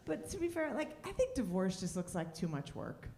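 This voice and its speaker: A woman performing a stand-up comedy set on a club stage, dropping wry, deadpan punchlines between lively asides. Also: mid-range voice, normal speed, reverberant.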